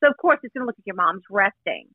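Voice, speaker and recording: A woman's voice: medium pitch, animated, fast, no echo. Emphatic woman on a tinny phone line. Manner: emphatic, chatty, stresses points with "let me tell you". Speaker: guest recounting an exposé. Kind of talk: casual gossip chat.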